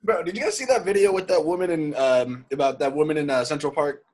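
A man's voice: fairly high pitch, fast, a little mellow. A man co-hosting a podcast in casual chat, full of slang and swearing. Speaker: podcast co-host.

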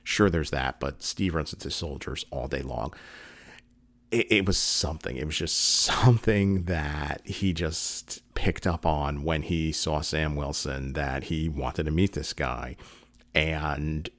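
A man's voice: rumbling low, takes it slowly, a bit bright, dry recording. A man talking casually in video commentary, earnest and rambling with many fillers and restarts, sometimes choked up. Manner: emotional, getting choked up.

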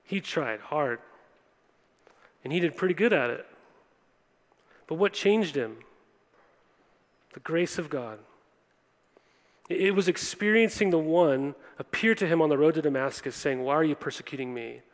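A man's voice: on the high side, expressive, measured pace, pauses often. A young man preaching a sermon earnestly, addressing listeners directly and often checking in with "right?". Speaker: pastor. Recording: long hall reverb.

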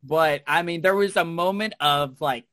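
A man's voice: a little high, moderate pace, a loud crowd. A man co-hosting a podcast in casual chat, effusive and leaning on filler words as he gushes. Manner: effusive, leans on "like". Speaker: podcast co-host.

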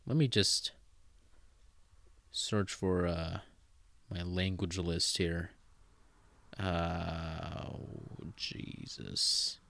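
A man's voice: sits low, a bit bright, no echo. A man hosting a solo podcast, rambling casually with swearing and self-corrections, having just woken up. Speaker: podcast host.

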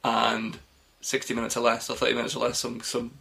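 A man's voice: mid-range voice, monotone, brisk, gravelly, pushed and bright. A man co-hosting a casual podcast chat, talkative, laughing often and trailing off mid-thought. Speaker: podcast co-host.

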